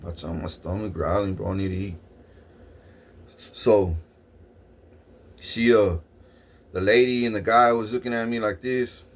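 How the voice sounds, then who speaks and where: A man's voice: fairly low pitch, a little slow, pauses often. A man vlogging a long rambling story in the first person, swearing often and restarting his sentences. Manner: profane, repetitive restarts, excitable.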